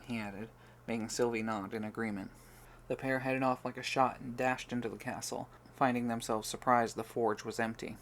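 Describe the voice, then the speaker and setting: A man narrating a fantasy audiobook with even, steady storytelling. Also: medium pitch. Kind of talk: scripted narration.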